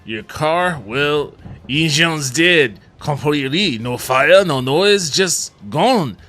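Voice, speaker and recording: A man's voice: on the high side, expressive, slow pace, pushed and bright, faint music behind, voice pushed up, full character voice. A man doing a sly mock-French mechanic. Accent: mock French, drifting. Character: pushy small-town male mechanic, vaguely French.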